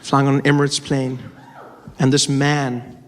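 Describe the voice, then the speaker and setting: A man performing a stand-up comedy set, telling stories with animated jumps up for emphasis and low asides. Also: unhurried. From South Africa. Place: large live venue. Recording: stage mic in reverberant hall, loud audience.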